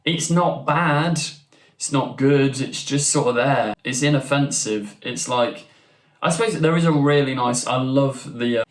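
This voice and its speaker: Chatty young man in an echoey room. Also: mid-range voice. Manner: chatty and enthusiastic, with frequent restarts and asides. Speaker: YouTube channel host. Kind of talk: casual ranking video commentary. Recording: roomy echo.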